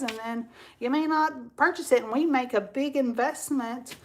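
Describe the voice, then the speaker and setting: A woman's voice: high-pitched, fairly even intonation, normal speed. A woman chatting casually and at length to viewers as the host of her crafting livestream, laughing often.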